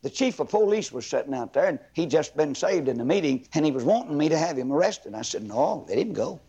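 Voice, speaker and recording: A man's voice: a little high, lively intonation, fast talker, mellow. A man preaching a revival sermon as an evangelist, telling stories with fiery emphasis.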